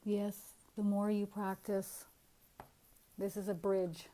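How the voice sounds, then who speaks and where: A woman's voice: mid-range voice, slow pace, low-quality recording. A middle-aged woman speaking as a spiritual medium, talking casually and animatedly, laughing often as she tells stories. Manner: animated storytelling, frequent laughs.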